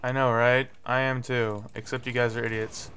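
A young man doing live gameplay commentary, swearing and getting frustrated, with sudden yelling bursts. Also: medium pitch, little pitch movement, normal speed, clean tone. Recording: faint music behind.

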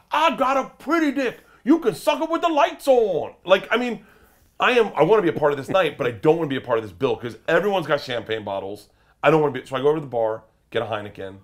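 A man who is a stand-up comedian, telling a wild story in an interview, swearing freely and rising into loud, excited shouts. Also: mid-range voice. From United States. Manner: profane, excitable, jumps into loud shouted bits when telling stories. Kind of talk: animated storytelling.

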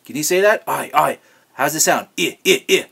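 A man's voice: on the high side, animated, normal speed, vocal fry, bright, forceful tone, breathy edge, no echo, exaggerated voice. A man playing a rambling, preachy vegan kids TV host who talks down to children and repeats his words, with music underneath. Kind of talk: comedic kids-show parody.

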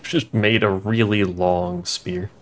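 A man's voice: lowish voice, fairly even intonation, slow, slight background noise. A male streamer giving casual game commentary, dry and joking, muttering to himself as he plays.

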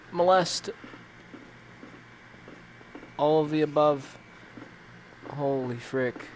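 Jumpy, high-voiced swearing gamer man. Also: expressive, a little slow, long pauses, a little hiss or hum. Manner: jumpy and panicky, swearing constantly. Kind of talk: reacting while playing a VR game.

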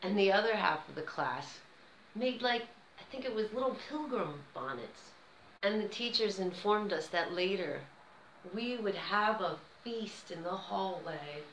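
Animated American woman telling a story. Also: mid-range voice, measured pace, echoey room, a little hiss or hum, rough recording. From United States. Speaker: vlogger. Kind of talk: storytelling vlog.

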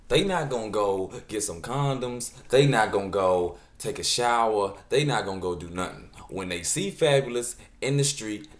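A man giving animated, incredulous reaction commentary in a joking tone. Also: on the low side, fairly quick, reverberant. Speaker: vlogger.

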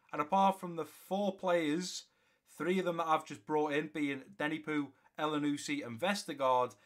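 A young man commentating on his own football video game, chatting to viewers and calling the action play by play. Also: mid-range voice. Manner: live play-by-play, grows loud and excited during match action. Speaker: gaming YouTuber. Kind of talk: gameplay commentary.

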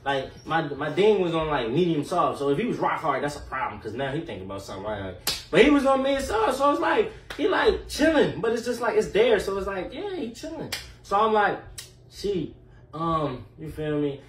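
A man telling a casual storytime in an animated, slangy way full of fillers and profanity. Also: a little high, normal speed. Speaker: storyteller vlogger. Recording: echoey room, mic at a distance, faint noise.

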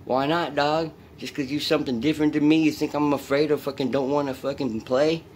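A man's voice: fairly high pitch, steady tone, brisk, darkish tone, a little hiss or hum. A man vlogging in a rambling, profane way, coaxing and talking to an unseen presence and his dog.

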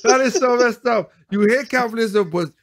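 A man's voice: very high voice, brisk, fairly bright tone, dry recording. A man hosting a one-man show, rambling casually and laughing often as he reads viewer comments. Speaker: host.

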